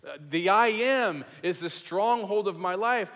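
A man's voice: high voice, measured pace. Emphatic preacher man in a reverberant hall. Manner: emphatic, repeats phrases, drops to a hush on key words. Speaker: pastor. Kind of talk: sermon.

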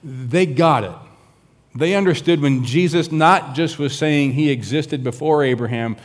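A man preaching a sermon as a pastor, teaching from scripture in an animated way and acting out the voices of the people in the story. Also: on the high side, a little slow. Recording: long reverb of a large hall.

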